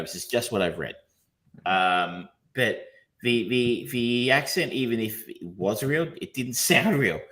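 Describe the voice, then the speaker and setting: A man's voice: medium pitch, fairly bright tone. A man co-hosting a podcast, talking casually and rambling, with frequent ums, restarts and casual swearing. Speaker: podcast co-host reviewing films. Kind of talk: casual chat.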